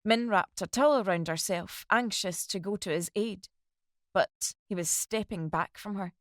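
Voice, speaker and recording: A woman reading a dramatic novel aloud as narrator, in steady storytelling. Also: mid-range voice, normal speed, no room sound, clean studio sound. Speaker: audiobook narrator.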